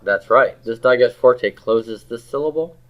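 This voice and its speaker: A man's voice: medium pitch, measured pace. A man teaching a grammar class, asking students questions, repeating their answers and leading them in saying words aloud. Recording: slightly dull lo-fi classroom recording.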